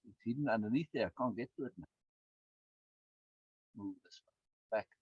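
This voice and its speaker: A man leading a course in a conversational teaching style, rambling and repeating words, with his pitch swinging up and down. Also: moderate pace, darkish tone, husky, dry recording. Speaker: course instructor. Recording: dull lo-fi dry recording.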